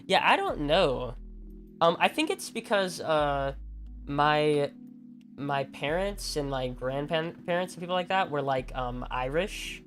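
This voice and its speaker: A man's voice: fairly high pitch, moderate pace, a bit bright, soft background music. Rambling man chatting with his stream. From Alabama. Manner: rambling, heavy use of "like", frequent restarts. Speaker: game streamer. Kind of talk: casual chat with viewers while gaming.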